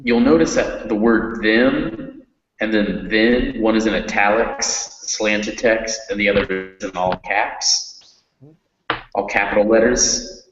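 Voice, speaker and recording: Male reading teacher, low voice, slow and patient, roomy lo-fi call with long reverb. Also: a little hiss or hum.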